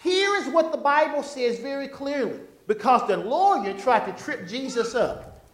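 A man preaches in a strikingly high voice that leaps up and down with animated energy. He keeps tossing questions out to the congregation and waiting for the answer. The sound rings around an echoey church hall. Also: moderate pace. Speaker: pastor. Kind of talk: sermon. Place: church sanctuary.

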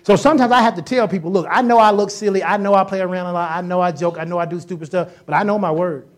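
A woman preaches in a lowish voice, talking fast with fairly even intonation. Her sermon is casual and joking, peppered with acted-out voices and sounds and repeated phrases for emphasis.

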